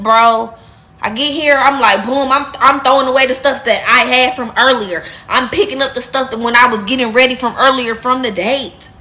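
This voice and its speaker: A woman in her twenties telling a dating story in a casual storytime, animated and emphatic, repeating phrases for effect. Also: high voice, moderate pace.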